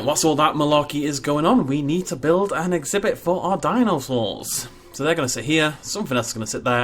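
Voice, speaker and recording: A man giving casual, self-mocking commentary while building a park in a game, chatty with jokey asides. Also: medium pitch. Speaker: gaming YouTuber.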